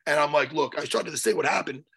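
A man telling a story on a podcast in a casual, animated way, swearing and loudly acting out what people said. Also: fairly high pitch, quick pace, vocal fry, husky. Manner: animated, swearing, acts out his own quotes loudly. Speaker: podcast co-host.

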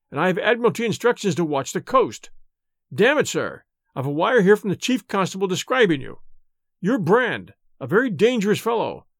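A man's voice: sits high, no room sound, clean studio sound, heavily acted. A man voicing a hot-tempered retired officer who barks orders and blusters with oaths. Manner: barking, blustering, swearing.

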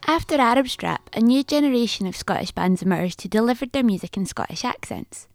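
A woman hosting and narrating a documentary in a measured, informative way. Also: fairly high pitch, lively intonation, a little mellow, no echo, soft background music. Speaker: documentary host. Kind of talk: scripted narration.

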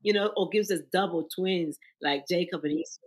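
Husky-voiced woman giving fervent testimony. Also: fairly low pitch, brisk, poor audio. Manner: fervent, emphatic storytelling. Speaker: guest. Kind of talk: faith testimony in podcast interview.

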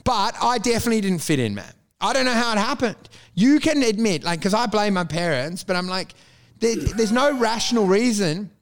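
A man's voice: high voice, lively intonation, fairly quick. A man, rambling and swearing as he tells stories in casual banter. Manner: rambling storyteller, swearing, laughing.

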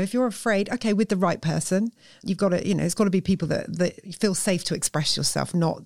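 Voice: medium pitch, vocal fry, dry recording, clean studio sound. A therapist, explaining earnestly and emphatically in a conversational interview. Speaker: therapist guest.

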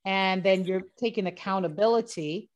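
A woman with a mid-range voice co-hosts a relaxed conversation. She is lively and laughs easily, often asking follow-up questions. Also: medium pitch, moderate pace. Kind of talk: casual chat.

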